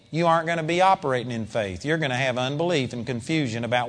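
Animated male preacher with a high voice, recorded in a reverberant hall. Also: quick pace, few pauses. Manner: animated, conversational preaching with sudden loud peaks. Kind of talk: sermon.

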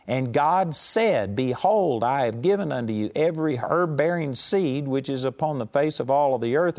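Man, preacher, sermon, mid-range voice, slow emphatic delivery, quick scripture reading, conversational asides. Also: mid-range voice, darkish tone. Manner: reads scripture quickly, then slows and stresses key words; in King James phrasing; conversational asides. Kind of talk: sermon teaching.

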